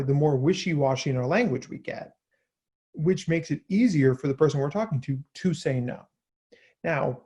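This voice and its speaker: A man in his thirties talks through parenting advice in an earnest, self-deprecating way, often slipping into little acted-out lines of dialogue. His voice sits a touch higher than most men's. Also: mellow, slightly rough. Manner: earnest and self-deprecating, acts out quoted requests. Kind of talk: reading a blog post aloud, informal asides.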